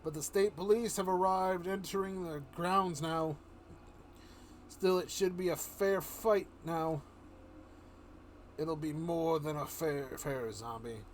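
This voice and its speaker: A man's voice: a little high, takes it slowly, a little hiss or hum. A man voicing a henchman reporting by radio in a read-aloud comic story, clipped and matter-of-fact.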